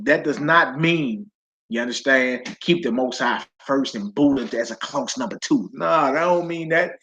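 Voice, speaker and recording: A man's voice: medium pitch, normal speed, bright, forceful tone, dull audio, a little hiss or hum. A man with a St. Louis accent teaching scripture to his assembly, speaking in a casual preaching style with slang asides to the audience. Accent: St. Louis, Missouri. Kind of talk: sabbath teaching, scripture study.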